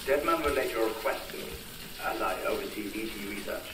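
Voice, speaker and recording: An actor playing a formal, measured male scientist in a video game cutscene. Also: lowish voice, distant mic, background noise, close to an everyday voice. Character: calm male scientist obsessed with the past. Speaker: game character, BT researcher.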